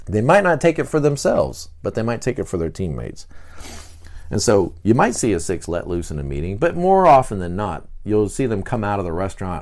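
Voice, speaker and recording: A man hosting a podcast, explaining personality types in a casual teaching monologue and acting out the people he describes in short bursts. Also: on the low side. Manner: animated, acts out quick voices of people he describes. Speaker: podcast host.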